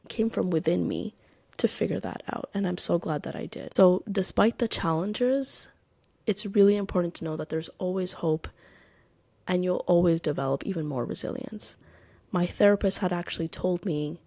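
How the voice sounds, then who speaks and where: A woman's voice: fairly low pitch, normal speed, vocal fry, dark tone, no room sound. A young adult woman hosting a podcast, talking candidly and emphatically about her own life, swearing for emphasis. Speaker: podcast host. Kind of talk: personal podcast monologue.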